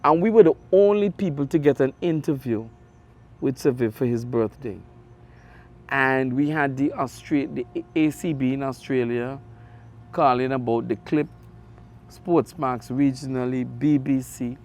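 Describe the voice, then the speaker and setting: A middle-aged man with an Antiguan accent, a radio sports host telling stories in an interview, animated with big jumps in his voice. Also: medium pitch, a little slow, slight background noise. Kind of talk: conversational interview storytelling.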